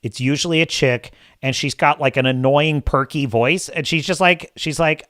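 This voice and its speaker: A man's voice: fairly high pitch, moderate pace, hardly any pauses, a bit bright, dry recording, clean studio sound. A man hosting a live podcast, ranting in a crude, sarcastic, exasperated tone. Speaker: podcast host. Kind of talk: casual live-show rant.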